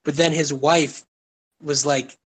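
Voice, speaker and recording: A man's voice: on the high side, fairly even intonation, slow pace, a little hiss or hum. A man co-hosting a casual chat, talking in profane, emphatic rants. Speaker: podcast co-host.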